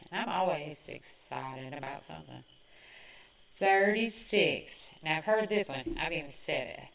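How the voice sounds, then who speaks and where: A Southern woman with a lowish voice talks slowly and chattily, making fun of herself as she goes. She sounds a bit far from the mic in an echoey room. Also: fairly bright tone. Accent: Southern American. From American South. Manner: chatty, self-mocking, quick asides. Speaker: podcast host. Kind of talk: casual chat.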